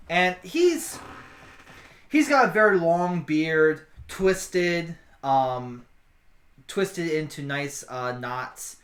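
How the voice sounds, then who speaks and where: Animated game master in a roomy space. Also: medium pitch, very slow. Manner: lively, voices characters with excited outbursts. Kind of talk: narrating a tabletop game.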